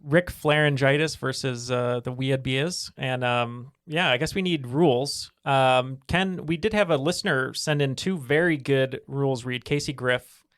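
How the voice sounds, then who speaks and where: A man's voice: medium pitch, measured pace, fairly bright tone, no echo, studio quality. A man hosting a podcast in a chatty, upbeat way with many fillers. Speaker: podcast host. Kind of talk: casual podcast chat.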